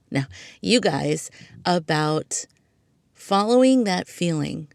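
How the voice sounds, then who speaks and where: Speaking slowly in a lowish, creaky, slightly mellow voice, a woman talks on her own podcast with no room sound. Her solo chat is casual and reflective, sprinkled with plenty of "like" and "you know."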